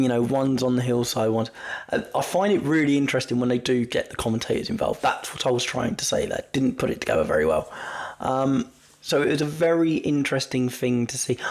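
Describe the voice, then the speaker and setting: A man hosting a podcast, chatting casually and rambling through a wrestling recap, often stumbling over his words and poking fun at himself. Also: mid-range voice. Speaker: podcast host.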